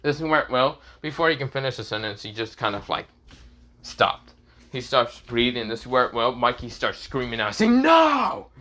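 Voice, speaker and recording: A man's voice: mid-range voice, steady tone, moderate pace, bright, forceful tone. A man improvising a fan story as narrator, rambling with many repeated filler phrases.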